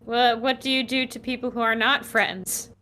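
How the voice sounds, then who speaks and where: Nervous polite adventurer mom, bright higher voice, a woman playing her. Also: fairly even intonation, moderate pace.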